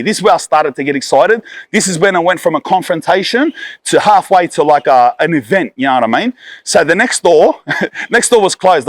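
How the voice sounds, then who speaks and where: A man's voice: high-pitched, no echo, studio quality. An Australian man in his thirties from Sydney, telling a story bluntly with heavy swearing and street slang. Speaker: storyteller guest. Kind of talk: casual storytelling.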